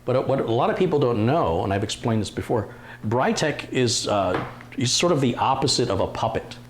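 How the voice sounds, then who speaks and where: A man's voice: mid-range voice, lively intonation, normal speed. A man hosting a live stream, chatting casually, joking and reading viewer comments aloud. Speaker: livestream host. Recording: roomy echo, faint room noise.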